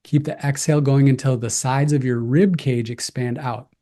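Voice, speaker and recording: Man, breathwork instructor, mellow warm tone, calm guided breathing cues. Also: medium pitch. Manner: slow, calm, gentle cues.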